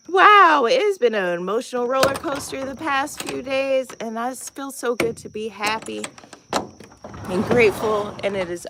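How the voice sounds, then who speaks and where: A woman's voice: on the high side, lively intonation, normal speed, background noise. A woman live-streaming a casual vlog from her off-grid cabin and homestead, chatting to viewers and calling them y'all as she moves around. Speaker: vlogger, homestead channel co-host.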